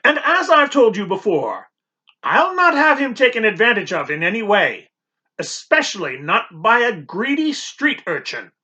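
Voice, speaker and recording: A man's voice: sits high, very animated, normal speed, bright, forceful tone, dull audio, voice pushed up, exaggerated voice. A man voicing a stern, proper housekeeper woman in an audiobook, clipped and commanding. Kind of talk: audiobook character voice.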